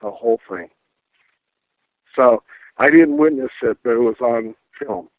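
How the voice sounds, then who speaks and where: Animated man telling a ghost story over the phone. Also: mid-range voice, unhurried, no echo. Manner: animated storyteller acting out quoted voices. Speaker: paranormal investigator guest. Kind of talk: casual storytelling on a radio call-in. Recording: dry tinny phone line.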